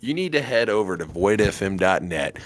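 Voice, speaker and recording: A man co-hosting a podcast, joking around in casual banter while pitching its membership perks. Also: very animated, normal speed, no room sound. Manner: jokey, goofy, slips into put-on voices. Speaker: podcast co-host.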